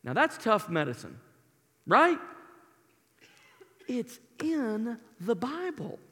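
A man preaching a sermon with impassioned rises and soft, intimate drops. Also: extremely high pitch, very animated, takes it slowly. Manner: impassioned, rising to near shouting then dropping to a soft intimate tone. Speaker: pastor. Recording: long hall reverb, preaching in a large room.

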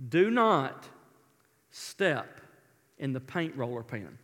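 A man playing a father who firmly warns his young son in measured words during a sermon story. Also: mid-range voice, big pitch swings, a bit bright, pitched below the performer's own voice. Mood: firm warning. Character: stern but patient father warning his small son. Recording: long reverb of a large hall.

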